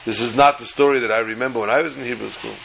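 A man voicing an exasperated mother who scolds her son, in a slightly lowered voice. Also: fairly even intonation, racing, creaky, fairly bright tone, a little hiss or hum, rough recording. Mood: puzzled. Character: indignant, scolding Jewish mother.

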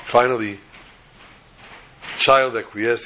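A man giving a lively sermon as a Torah teacher, telling a story with chuckles and quoting Hebrew sources. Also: mid-range voice, a little slow, a little hiss or hum, low-quality recording.

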